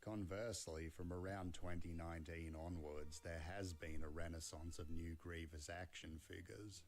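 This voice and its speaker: A man reading a scripted video essay in a measured, analytical way. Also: low-pitched, steady tone, a little mellow, a little hiss or hum. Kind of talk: scripted narration.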